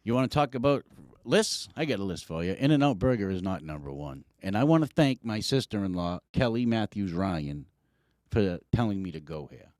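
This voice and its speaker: Animated, swearing man telling a story. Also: fairly low pitch, normal speed, no room sound, studio quality. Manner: animated, profane, acts out quotes. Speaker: podcast co-host. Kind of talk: casual storytelling chat.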